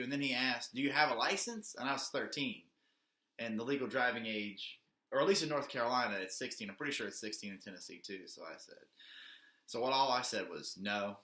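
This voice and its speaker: A man's voice: lowish voice, pushed and bright. Rambling man telling a story in an echoey room. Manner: rambling, full of "like" and swearing. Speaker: vlogger telling a personal story. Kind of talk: casual storytelling.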